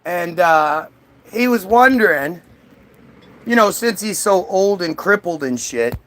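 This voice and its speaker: A smarmy, overeager male angel with a bright salesman's pitch, as a comedian puts him on. He climbs up high and gushes like a door-to-door seller closing a deal. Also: animated, slow, a little hiss or hum, full character voice. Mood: wheedling.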